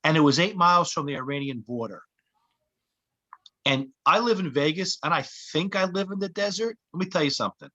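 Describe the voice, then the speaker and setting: A man, a comedian and actor, telling lively anecdotes in casual chat and acting out the voices of people he quotes. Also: fairly high pitch, fairly quick, muffled recording. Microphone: podcast mic.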